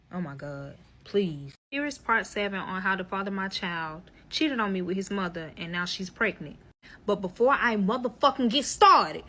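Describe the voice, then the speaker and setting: A young woman spins a dramatic personal story for her followers, cursing freely and hammering every point home. Her voice rings bright and a little sharp, and she talks right to the camera as if to friends. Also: medium pitch. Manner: profane, blunt and emphatic, addresses viewers directly. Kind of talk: casual storytime vlog.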